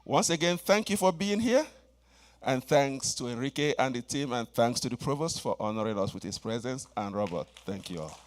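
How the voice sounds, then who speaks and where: A man's voice: medium pitch, expressive, moderate pace. A man speaking at a reception, earnestly describing a program and thanking the guests. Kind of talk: formal speech at a reception.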